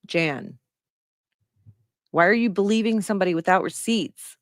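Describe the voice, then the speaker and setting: A woman's voice: medium pitch, moderate pace, long pauses, no room sound, clean studio sound. A middle-aged woman giving casual commentary on a news article she reads aloud, blunt and sarcastic and swearing freely.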